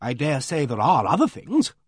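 A man's voice: a little high, wildly swooping pitch, moderate pace, husky, dry recording, clean studio sound, full character voice. A man voicing a vague but blunt vicar's wife who speaks frankly and thoughtfully. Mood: musing. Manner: frank, musing, unembarrassed.

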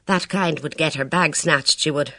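A man's voice: on the high side, moderate pace, gravelly, sharp tone, no echo, studio quality, exaggerated voice. A reader voicing a chatty, persuasive Irish hotel doorman in an audiobook, with an Irish accent. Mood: coaxing. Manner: coaxing, folksy.

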